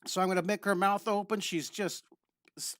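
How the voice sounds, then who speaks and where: A man's voice: sits high, steady tone, normal speed, fairly bright tone, dry recording, studio quality. A man teaching a live online drawing lesson, bubbly and rambling as he chats with viewers.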